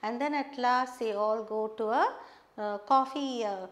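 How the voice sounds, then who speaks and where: A woman teaching a patient, slow lesson, explaining intonation. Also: fairly high pitch. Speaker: English teacher. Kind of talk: slow classroom lesson reading dialogue aloud.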